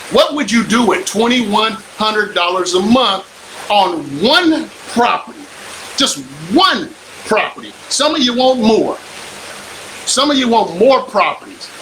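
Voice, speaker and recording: Emphatic older man, bright, high voice. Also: a little hiss or hum, low-quality recording. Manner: preachy, emphatic, repeats lines for effect. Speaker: real estate investor and coach. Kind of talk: motivational live stream pitch.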